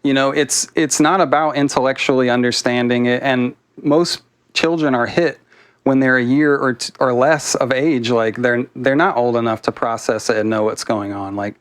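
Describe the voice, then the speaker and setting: A man's voice: medium pitch, steady tone, moderate pace, clean tone. A man as a guest in a casual debate, reflective and thinking aloud in long, winding sentences.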